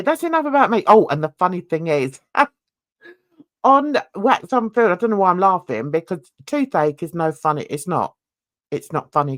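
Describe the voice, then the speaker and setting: A woman's voice: on the low side, dry recording, studio quality. A woman hosting a crime reaction channel, talking in a chatty, exclamatory, rambling way while nursing a toothache. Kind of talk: casual reaction vlog chat.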